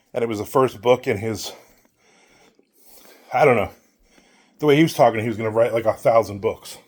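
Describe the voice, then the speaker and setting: A man's voice: mid-range voice, darkish tone. Blunt, rambling middle-aged man. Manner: blunt, rambling, acts out quoted people. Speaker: author and channel host. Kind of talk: casual opinion monologue while walking.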